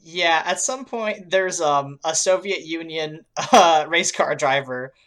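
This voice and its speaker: Low-voiced woman podcast co-host. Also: takes it slowly, fairly bright tone. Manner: laughing often, lots of fillers. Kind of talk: casual chat.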